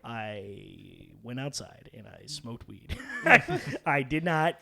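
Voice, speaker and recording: Young male podcast host, bright tone, loose rambling storyteller. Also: medium pitch, very animated, extremely slow, creaky, breathy edge. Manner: rambling, laughing, acts out quoted voices. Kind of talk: casual chat, storytelling.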